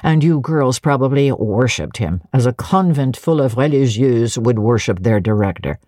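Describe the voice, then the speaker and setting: A woman doing a brusque, commanding gentleman. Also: a bass voice, lively intonation, normal speed, no echo, studio quality. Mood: imperious. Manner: curt, imperious questioning.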